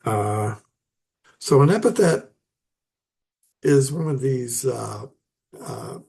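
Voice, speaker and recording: A man giving a casual, halting lecture on poetry, with many fillers and restarts. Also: medium pitch, vocal fry, darkish tone. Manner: halting, many fillers and restarts, chuckles at his own asides. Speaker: literature teacher.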